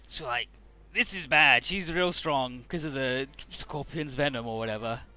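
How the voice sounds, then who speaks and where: Bright-voiced casual gameplay commentator. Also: male voice, medium pitch, unhurried, soft background music. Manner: retells story scenes in acted quotes, swears. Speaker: let's play commentator.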